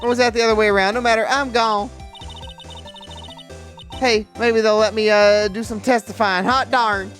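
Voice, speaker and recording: A woman's voice: a little high, steady tone, normal speed, pauses often, faint music behind, voice pushed up, lightly acted. Woman playing a folksy, stubborn witness. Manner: folksy drawl with country sayings.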